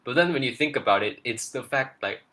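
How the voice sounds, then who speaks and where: A man's voice: medium pitch, expressive, brisk, sharp tone. A man co-hosting a casual trailer breakdown, rambling with lots of fillers and restarts. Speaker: podcast co-host.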